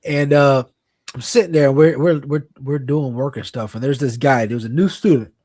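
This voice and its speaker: A young man co-hosting a casual late-night podcast, telling a story in a rambling, halting way full of fillers and restarts. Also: medium pitch, steady tone, a little mellow, no echo. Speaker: podcast co-host.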